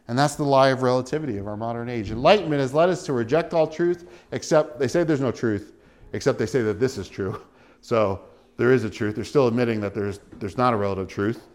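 Animated male preacher, big pitch swings. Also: a little fast. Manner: chuckles often while preaching. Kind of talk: sermon.

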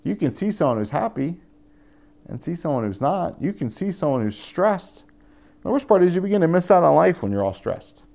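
A man's voice: fairly high pitch, sing-song, normal speed, vocal fry, a little mellow. A young adult man preaching a conversational sermon as pastor, often rising into emphatic appeals.

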